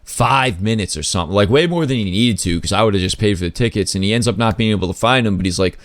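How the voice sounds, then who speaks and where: A man hosting a podcast, telling a story in a loose, casual way, full of "like" and swearing, with sudden pitch jumps when he acts out other people. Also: fast, dry recording. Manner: loose, filler-heavy talk with lots of "like" and swearing. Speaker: podcast host.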